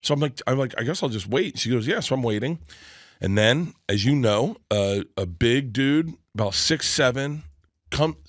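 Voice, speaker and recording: A man's voice: mid-range voice, lively intonation, normal speed, dry recording, studio quality. A man telling a long comic story on a podcast, acting out the voices and laughing through it. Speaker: storytelling guest.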